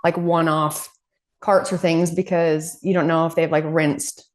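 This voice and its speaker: Woman co-host, low-pitched, calm and practical in conversation. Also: measured pace. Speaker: podcast co-host. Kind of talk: casual chat.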